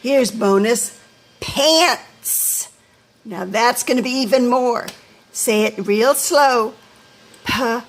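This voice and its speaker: A woman teaching a phonics lesson to young children, slowly sounding out each word letter by letter. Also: a little high. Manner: slow, deliberate, sounding out letters one by one.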